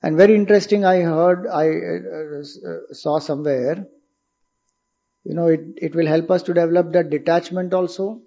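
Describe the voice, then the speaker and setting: Mellow Indian man giving spiritual teaching. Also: a little high, steady tone, moderate pace, vocal fry, highs cut off. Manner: explanatory, asks rhetorical questions. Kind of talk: spiritual discourse.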